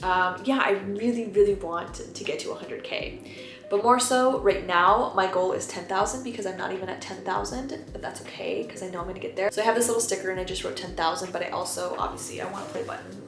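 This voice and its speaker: A woman's voice: mid-range voice, quick pace. A young woman vlogger talking to camera in a candid, rambling, confessional way. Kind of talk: casual chat to camera. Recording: roomy echo, faint music behind.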